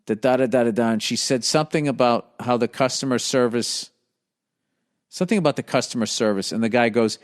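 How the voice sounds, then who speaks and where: A man's voice: mid-range voice, fairly quick. A middle-aged man hosting a comedy podcast, telling a rambling, profane story that works up into heated ranting. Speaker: podcast host.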